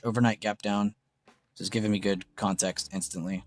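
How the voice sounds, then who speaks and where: A young man hosting a casual live trading stream, excitable and gushing, swearing freely. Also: fairly low pitch, brisk. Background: faint background music.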